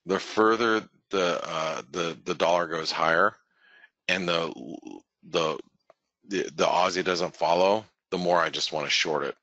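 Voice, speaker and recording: A man's voice: sits low, steady tone, unhurried, sharp tone, no room sound, lo-fi sound. A man hosting a webinar, giving casual live market commentary in a rambling way that keeps correcting itself and restarting. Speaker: forex market analyst, webinar host.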